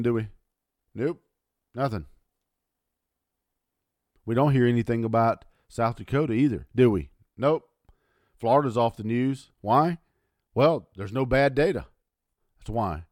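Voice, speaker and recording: A man ranting angrily on his podcast, swearing often and lurching from low mutters to loud outbursts. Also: dry recording, studio quality. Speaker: podcast host. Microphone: audio only, close mic.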